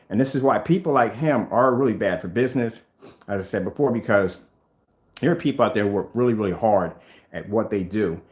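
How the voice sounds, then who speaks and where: A man who owns a screen paint business, talking casually on camera in a rambling, emphatic way from his workshop. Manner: rambling and emphatic, mimics others in high voices. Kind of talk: casual vlog rant. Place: workshop room with projectors.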